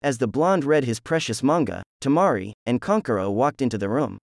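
A man narrating a fan fiction story in a plain, even reading voice. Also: mid-range voice, a little fast, creaky, no room sound, clean studio sound.

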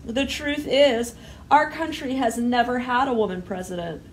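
A woman reading the part of a kind, patient schoolteacher in a picture book, who explains gently. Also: on the high side, normal speed, natural voice. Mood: gentle.

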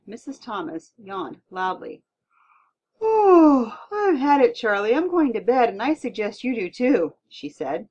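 A woman narrating a children's audiobook in a playful, expressive way, on a dull, lo-fi recording. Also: medium pitch, slight background noise.

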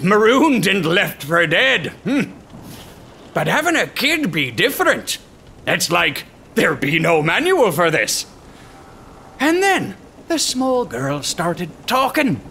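A man narrating a comic short story in the first person as a gruff pirate, using pirate grammar with dry comic timing. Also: high voice, sharp tone, slight background noise.

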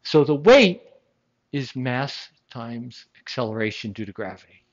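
A science lecturer giving a classroom lecture, animated and emphatic, with rhetorical questions and jokes. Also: medium pitch, unhurried, muffled recording.

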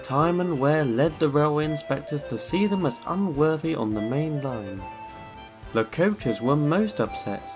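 A man narrating a children's storybook in an expressive way. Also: fairly high pitch, a little slow. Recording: music underneath.

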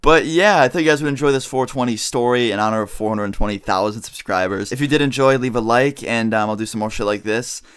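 A man's voice: mid-range voice, fast, few pauses, a bit bright, smooth. A young man telling a story to his viewers in a casual, rambling way, swearing often and saying "like" a lot. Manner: rambling and profane, heavy use of "like". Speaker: vlogger.

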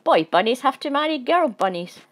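A woman putting on a loud, pompous stink bug. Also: mid-range voice, lively intonation, normal speed, lightly acted. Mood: stern. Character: bossy self-important male stink bug. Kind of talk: storybook reading.

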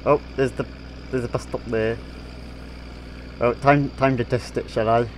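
A man's voice: mid-range voice, steady tone, unhurried. Guy rambling over a game he's playing, giggles a lot, goofy put-on voice, faint hiss behind. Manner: playful, giggly, teasing an in-game character; puts on a silly voice. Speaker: gaming video creator. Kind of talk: casual gameplay commentary.

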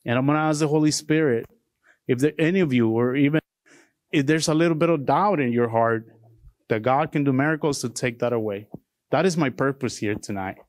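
A man's voice: mid-range voice, no echo. A middle-aged man from Mexico, giving an earnest, heartfelt sermon as a deacon. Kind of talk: testimony sermon.

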